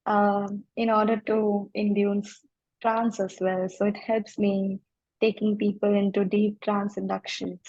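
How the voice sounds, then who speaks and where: Slow, soothing woman coach. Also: flat delivery, a little mellow, no echo, highs cut off. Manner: slow, soothing, deep trance-inducing voice. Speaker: emotional wellness coach, guest. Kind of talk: calm interview answers.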